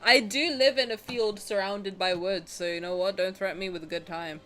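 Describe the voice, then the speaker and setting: A young woman streamer chatting casually with her viewers on a headset, cheeky and animated, swearing and laughing freely. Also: medium pitch, normal speed, faint music behind. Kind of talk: casual live-stream chat. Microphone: headset with headphones.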